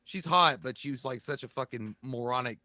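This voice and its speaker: A man's voice: mid-range voice, fairly quick, pushed and bright, no echo. A man co-hosting a casual movie podcast, joking crudely and slipping into silly voices. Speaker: co-host.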